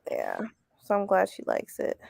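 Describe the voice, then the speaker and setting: Chatty woman with gravelly fry. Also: medium pitch, huge pitch swings, moderate pace, darkish tone, no echo, clean studio sound. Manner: chatty, laughs often, reads chat comments aloud. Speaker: host. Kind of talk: casual livestream chat.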